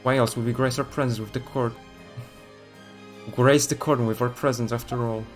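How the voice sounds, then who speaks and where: A man's voice: mid-range voice, fairly even intonation, faint music behind, lightly acted. A man putting on a pompous prosecutor. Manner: pompous, slow and theatrical. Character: haughty male British prosecutor, grandiloquent.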